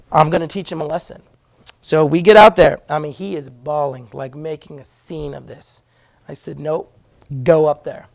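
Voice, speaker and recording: A man's voice: high voice, vocal fry. A man, teaching a Sunday school class in a church classroom. He talks in a conversational, storytelling way and asks the class questions. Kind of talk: conversational Bible lesson.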